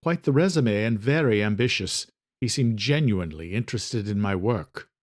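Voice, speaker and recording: A man voicing a calm, courteous male employer who talks gently and reassuringly. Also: fairly low pitch, normal speed, lightly acted.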